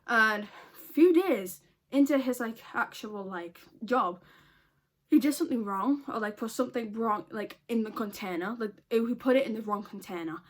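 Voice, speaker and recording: A woman's voice: on the high side, moderate pace. A woman telling a storytime vlog in a casual, blunt way, swearing a lot and laughing often. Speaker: vlogger.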